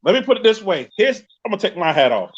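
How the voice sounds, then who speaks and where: A man with a New York accent hosting a live podcast, telling a story in a loud, profane, animated way. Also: high voice, quick pace, breathy edge. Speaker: podcast host. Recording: dull lo-fi stream audio.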